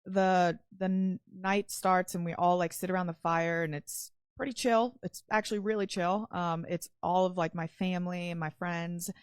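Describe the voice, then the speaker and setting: A woman's voice: lowish voice, fairly even intonation, moderate pace, hardly any pauses, clear, resonant tone, dry recording, studio quality. A young woman telling a personal story in casual talk, rambling with lots of "like" and swearing. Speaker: podcast guest.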